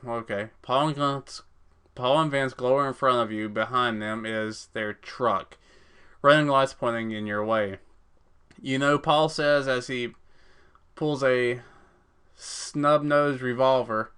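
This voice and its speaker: Bright-voiced man reading a game aloud. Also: mid-range voice, steady tone, slow pace, clean tone. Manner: casual, swears, stumbles over words. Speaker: let's play gamer.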